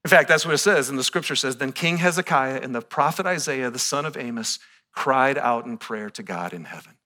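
A male pastor preaching a sermon, animated, swinging from hushed to loud and excited. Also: mid-range voice, a little fast.

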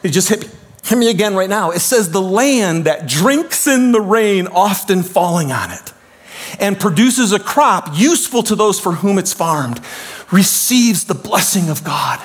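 A man preaching a sermon as pastor, swinging from shouts down to hushed, quiet lines. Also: sits high, expressive, unhurried.

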